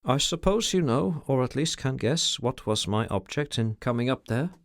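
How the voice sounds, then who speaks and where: A man reading an audiobook, voicing a troubled, formal middle-aged gentleman in a raised, strained voice. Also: mid-range voice, expressive, normal speed, close to an everyday voice.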